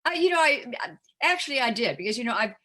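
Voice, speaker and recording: A woman's voice: fairly high pitch, very animated, quick pace, sharp tone. An older woman from the United States, a guest singer and actress chatting casually in an interview, full of "you know" fillers.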